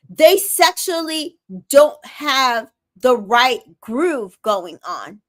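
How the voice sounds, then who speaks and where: Sassy woman host, slow and fairly high, reading out comments and weighing in. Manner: animated, sassy and opinionated, reads out comments. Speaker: recap show host. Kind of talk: casual recap chat reading viewer comments.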